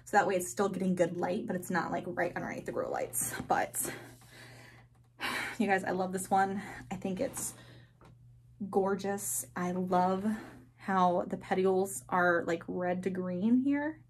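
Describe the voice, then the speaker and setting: A woman giving a casual, chatty tour of her houseplants, gushing and excited, full of filler words. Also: fairly low pitch, measured pace, slightly rough. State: a bit out of breath. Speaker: plant vlogger. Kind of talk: casual plant tour vlog. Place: indoors at a grow tent.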